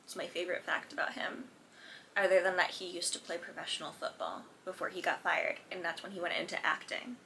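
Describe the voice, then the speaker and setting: A woman's voice: on the low side, fairly even intonation, brisk, gravelly, pushed and bright, slight background noise. A woman chatting casually about a sitcom while drawing at home, as host of a reaction video.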